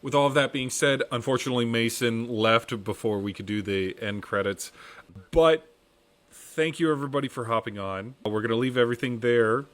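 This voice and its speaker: A man's voice: medium pitch, a little fast. A man hosting a podcast, wrapping up in a casual, rambling chat and restarting phrases as he goes. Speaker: podcast host.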